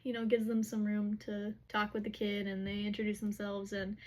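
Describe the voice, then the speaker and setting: A young woman casually retelling a novel's chapters, chatty and animated, with slangy asides. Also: mid-range voice, moderate pace. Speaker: book recap vlogger.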